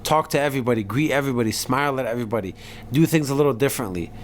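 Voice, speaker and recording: Man, mid pitch, casual podcast co-host, upbeat motivational talk, faint noise. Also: very fast.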